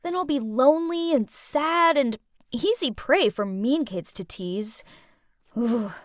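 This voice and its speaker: A woman's voice: high voice, lively intonation, takes it slowly, dry recording, studio quality. A woman telling a scripted first-person storytime in a chatty, dramatic teen persona. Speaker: storytime narrator.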